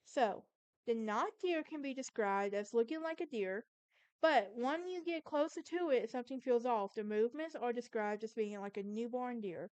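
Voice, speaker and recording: Clear and resonant with a darkish tone, this young woman's fairly high voice moves at a normal pace with no room sound. She's a Southern-accented host from Alabama telling a story on her solo podcast, chatty and prone to stumbles and self-corrections.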